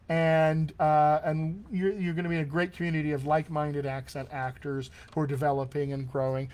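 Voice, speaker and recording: A man working as a dialect coach, wrapping up a live-streamed class and chatting enthusiastically as he answers viewer comments. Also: fairly high pitch.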